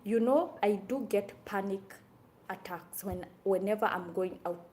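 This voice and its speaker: A young woman from Kenya chatting to camera in a casual vlog, animated and exclaiming often. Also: mid-range voice, measured pace. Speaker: vlogger.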